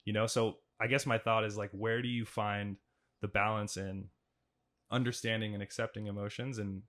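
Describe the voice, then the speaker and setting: A young man hosts a casual podcast chat, his voice sitting a little low. He rambles, circling back with plenty of fillers and restarts as he works toward his point. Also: level tone, moderate pace, fairly bright tone. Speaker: podcast host, athlete. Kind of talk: casual conversation.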